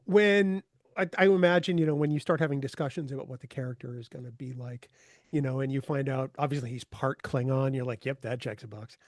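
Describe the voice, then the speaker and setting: A man's voice: mid-range voice, steady tone, fairly quick, dry recording, studio quality. A middle-aged man co-hosting a fan podcast over a video call, asking friendly questions and ribbing his co-host. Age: 50s. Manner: friendly, joking. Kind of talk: casual interview chat.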